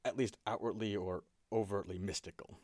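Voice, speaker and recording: A man acting as game master of a tabletop role-playing game, answering in a calm, measured way. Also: fairly low pitch, no echo, studio quality.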